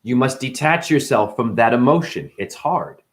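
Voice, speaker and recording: A man hosting a casual spiritual monologue, animated and profane, full of rhetorical questions. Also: mid-range voice, moderate pace. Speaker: host.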